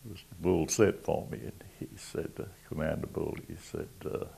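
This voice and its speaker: Old southern guy from south carolina, real low gravelly voice, folksy and rambling. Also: moderate pace, dark tone. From Georgetown, South Carolina. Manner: folksy, rambling, chuckling between tales. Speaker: WWII navy veteran interviewee. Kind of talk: oral history storytelling.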